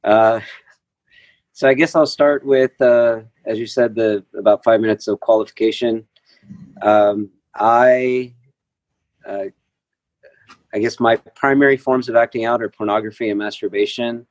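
A man telling his story at a recovery group meeting, halting, with many fillers and restarts. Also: mid-range voice, fairly even intonation, a little mellow, no echo, lo-fi sound. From Texas. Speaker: speaker sharing at a recovery meeting. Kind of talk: personal recovery share. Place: meeting room.

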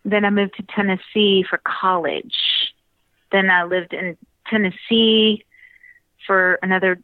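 A woman's voice: medium pitch, a little slow, no echo. Woman with a Southern accent on a phone line. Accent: Southern American. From Alabama, US South. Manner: animated storyteller, laughs often. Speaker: interview guest, actress. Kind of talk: casual interview conversation. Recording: phone-line audio, dry.

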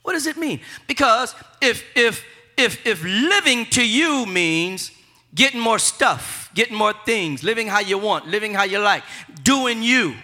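A man's voice: high voice, lively intonation, measured pace, pushed and bright. A man preaching a fervent sermon, repeating phrases and leading the congregation in call-and-response.

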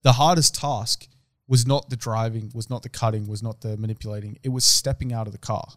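A man's voice: medium pitch, fairly even intonation, fairly quick, no room sound. Young man, dry close sound. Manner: swears freely, loose slangy storytelling. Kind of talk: casual chat.

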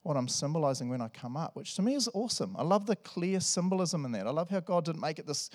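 A male pastor with a slightly high voice talks fast as he preaches during a church service. His sermon is animated and full of jokes, swinging between loud and soft.

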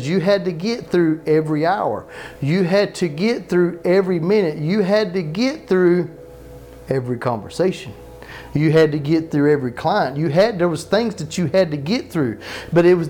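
In a church sanctuary before a live congregation, a male pastor preaches conversationally, asking the people questions, repeating phrases for emphasis, and adding joking asides. His voice is high and a little mellow.

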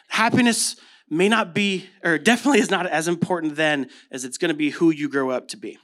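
This American pastor, in his thirties, talks briskly in a slightly high, somewhat bright voice. His relaxed sermon is built on storytelling and rhetorical questions.

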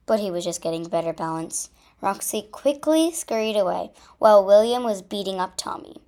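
A woman reading a children's story aloud as storyteller, in a gentle read-aloud way. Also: mid-range voice, expressive, moderate pace.

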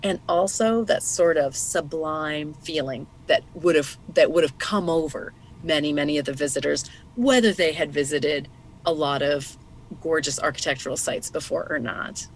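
A woman co-hosts a podcast, discussing a nonfiction book casually in a thoughtful, explanatory way and laughing easily. Her voice is low, her pace moderate, with slight background noise.

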